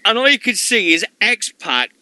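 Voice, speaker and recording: A man with a Sheffield accent co-hosting a radio show, telling stories in an excitable, sweary way. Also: sits high, measured pace, no room sound, poor audio. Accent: Sheffield English. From Sheffield, England. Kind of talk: casual chat.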